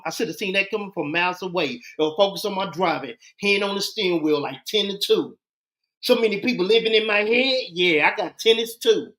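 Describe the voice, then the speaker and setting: Higher-voiced man, laid-back spoken-word poet. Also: a bit bright. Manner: laid-back and slangy, slow deliberate verse. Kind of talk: casual chat into spoken-word poetry. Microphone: video call stream.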